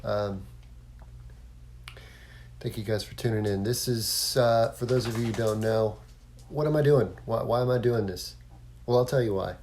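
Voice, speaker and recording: A man's voice: lowish voice, fairly even intonation, moderate pace, pauses often, a little mellow, slight background noise. A man hosting a casual solo podcast, rambling along with lots of fillers and restarts. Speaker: podcast host.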